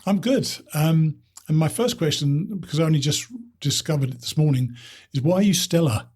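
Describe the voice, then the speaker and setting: Husky-voiced male podcast host. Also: fairly high pitch, moderate pace, darkish tone. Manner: chatty, laughs often. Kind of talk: casual podcast interview.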